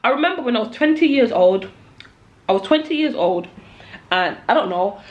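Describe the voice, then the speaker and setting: A woman's voice: on the high side, expressive, moderate pace, dull audio. A woman, telling her personal story to her own camera in a candid, emotional way that often repeats itself. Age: 20s. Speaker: vlogger.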